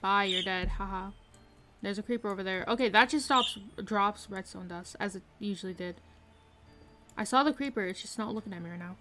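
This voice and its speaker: A woman's voice: medium pitch, a little fast, pushed and bright, soft background music. Giggly woman streamer narrating her game. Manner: chatty, giggly, talks to herself and chat. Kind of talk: casual live gameplay commentary. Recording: faint noise with mouse clicks and typing.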